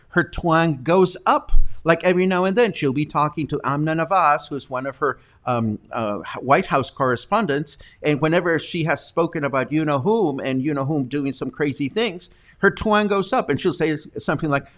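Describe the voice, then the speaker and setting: A man's voice: on the high side, animated, normal speed, hardly any pauses, fairly bright tone. Chatty rambling male host. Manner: chatty, rambling, lots of ums and uhs. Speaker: host of a live news show. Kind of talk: casual live-stream news chat.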